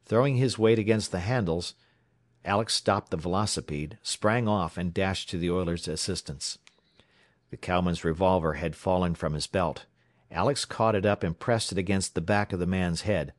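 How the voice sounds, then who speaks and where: A man narrating an adventure audiobook in a steady, measured reading style. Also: deep voice, no room sound, studio quality.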